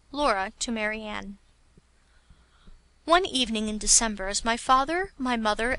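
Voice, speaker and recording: A woman narrating a classic story as an audiobook, in a measured, clear reading. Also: medium pitch, pushed and bright, no room sound.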